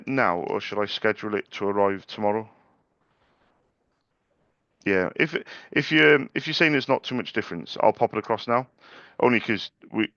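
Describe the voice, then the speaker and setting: A young small business owner makes live sales calls and chats casually to camera in a vlog, polite and chatty, with frequent stammered restarts. His voice is deep and fairly bright, and the dry recording has its highs cut off.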